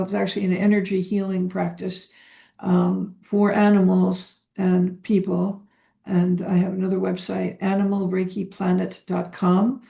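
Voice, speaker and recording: A woman guest, a psychotherapist, talking in a reflective, hesitant way with frequent pauses and ums during a spiritual interview. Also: on the low side, vocal fry, dark tone.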